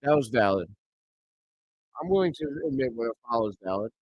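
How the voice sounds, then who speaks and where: A man hosting a live reaction stream, calling the action play by play and bursting into excited shouts on big plays. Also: medium pitch, a little fast, no room sound. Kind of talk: play-by-play commentary. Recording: dry, slightly dull home mic.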